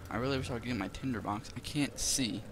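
A man's voice: medium pitch, fast talker, background noise. A man rambling nervously while playing a horror game, often muttering in fright. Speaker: let's play gamer.

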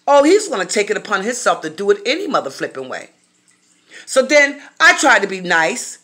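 Woman vlogger ranting, cursing a lot, blunt, bright forceful voice. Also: fairly high pitch, expressive, fairly quick. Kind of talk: casual monologue to viewers.

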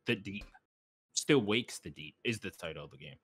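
A man's voice: sits low, lively intonation, moderate pace, fairly bright tone, breathy edge. A man co-hosting a gaming podcast, easygoing and laughing often as he moves topics along. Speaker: podcast co-host. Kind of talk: casual chat.

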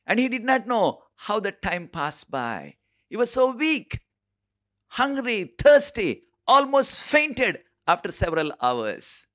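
A man preaching a sermon, telling a story with frequent pauses and repeated phrases. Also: mid-range voice, a bit bright. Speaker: preacher and Bible teacher.

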